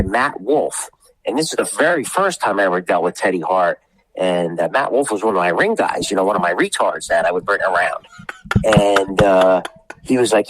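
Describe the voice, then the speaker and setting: A man's voice: sits low, fairly bright tone, rough recording. A man telling wrestling backstage stories on a podcast, rambling and acting out the people he quotes, with some swearing. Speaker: wrestling promoter guest. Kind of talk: casual podcast storytelling.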